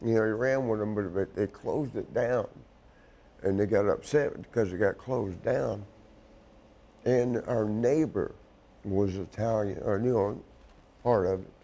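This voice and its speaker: A man's voice: lowish voice, unhurried, warm tone. A man, telling a painful family story in a rambling, profane way and crying as he talks. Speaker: wrestling show guest. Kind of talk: emotional storytelling chat.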